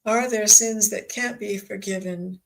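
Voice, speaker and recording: A woman hosts a spiritual live stream and talks at an unhurried pace. She is soft and emotional and asks her guides questions. Her pitch sits in a middle range. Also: fairly even intonation, gravelly, low-quality recording. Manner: soft, emotional, openly still learning. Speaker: spiritual medium and stream host.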